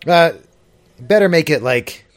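A man's voice: a little high, animated, unhurried. A man co-hosting a casual chat who talks thoughtfully, hedging often with "like" and "I mean.". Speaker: podcast co-host.

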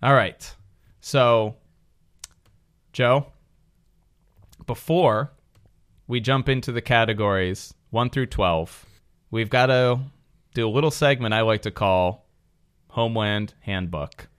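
A man's voice: on the low side, slow pace, long pauses, fairly bright tone, smooth. A man hosting a podcast, chatting jokingly and then reading facts aloud in long runs. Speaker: podcast host. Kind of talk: casual chat with read-aloud facts.

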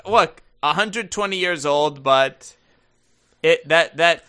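A man's voice: a little high, slow pace, sharp tone, smooth. A man co-hosting a casual podcast, playful and stammering. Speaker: podcast co-host.

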